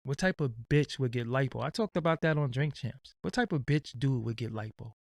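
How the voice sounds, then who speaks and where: A man's voice: mid-range voice, a little fast, creaky, no room sound. Blunt, rambling male streamer. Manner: blunt, profane, streetwise, rambling. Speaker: channel host. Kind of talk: casual livestream rant.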